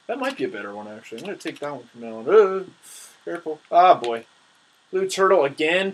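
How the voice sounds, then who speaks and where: A young man giving casual, excitable commentary on his own gameplay, trash-talking his opponents. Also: fairly high pitch, fairly quick, slight background noise, low-quality recording.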